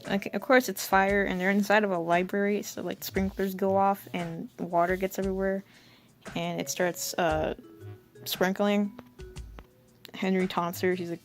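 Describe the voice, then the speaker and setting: A woman's voice: mid-range voice, fairly even intonation, moderate pace. A young woman vlogger reading her old story aloud and roasting it with sarcastic, giggly commentary. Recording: faint background music.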